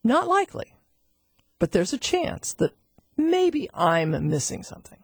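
Husky middle-aged woman teaching animal communication, chatty storyteller, dry close sound. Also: on the low side, big pitch swings, measured pace, darkish tone, dry recording. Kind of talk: storytelling lesson.

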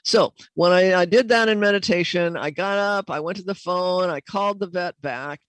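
A woman's voice: on the low side, normal speed, no echo. Middle aged lady talk host, rambly storyteller, lots of ums, dry close sound. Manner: rambling, many fillers and restarts. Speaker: animal communicator host.

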